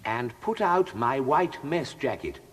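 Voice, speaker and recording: An actor playing a cheerful, dim young gentleman in a radio comedy drama, with a bumbling, indignant way of protesting. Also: mid-range voice, sing-song, takes it slowly, a little hiss or hum. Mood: airy. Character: young male idle aristocrat, cheerful and dim.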